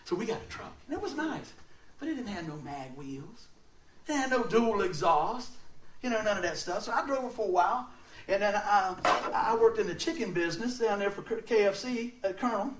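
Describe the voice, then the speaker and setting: A man giving a sermon, telling stories in an animated way and laughing often as he talks. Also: high-pitched, fairly quick, slight background noise. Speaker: preacher. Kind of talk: storytelling sermon. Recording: roomy sound, mic at a distance.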